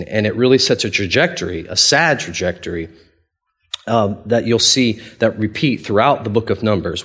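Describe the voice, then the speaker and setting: A man preaching a sermon as pastor, conversational and playful, acting out quoted dialogue with big swings in voice. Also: slightly rough. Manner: animated, acts out quoted dialogue with big pitch jumps; conversational, playful, chuckles often.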